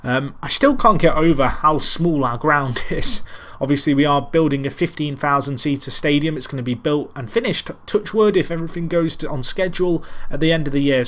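A man talks over his football management game, calling the match like a sports commentator. He rambles and pokes fun at himself between plays. His pitch sits in an ordinary middle range for a man. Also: fairly bright tone. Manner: rambling, self-deprecating, calls the match like a commentator. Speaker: gaming commentator. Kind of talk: casual Let's Play commentary.

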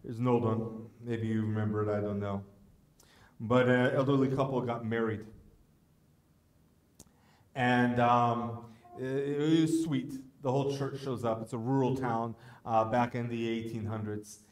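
Storytelling pastor in an echoey church. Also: male voice, medium pitch, fairly even intonation, unhurried. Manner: conversational storytelling preacher. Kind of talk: sermon.

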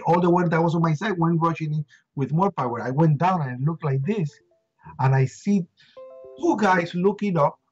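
A middle-aged man, an interview guest, recounting a harrowing first-hand story with emotion, repeating words and acting out shouts. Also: a little high, husky, muffled recording.

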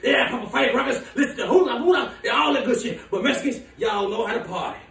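A man playing a furious, foul-mouthed woman who runs a big city, ranting in shouts and laughter. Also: extremely high pitch, lively intonation, fast, heavily acted. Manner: shouting, profane, laughing rants. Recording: echoey room, voice from far off.

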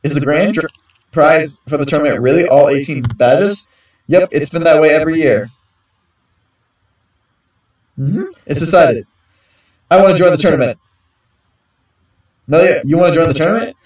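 A man's voice: fairly high pitch, moderate pace, long pauses, a little mellow, close to an everyday voice. A man voicing a determined young woman from the city while reading game dialogue aloud, in an earnest way. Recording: echoey, distant from the mic.

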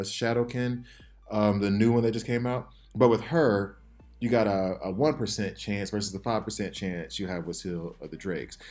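A man hosting a casual game commentary video, rambling and excitable, jittery from too much coffee. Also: lowish voice. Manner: rambling, excitable, self-interrupting. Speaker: gaming channel host.

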